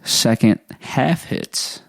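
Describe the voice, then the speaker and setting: A young man co-hosting a podcast, in casual chat, recapping games play by play with excitement. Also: drawn-out words. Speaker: podcast co-host.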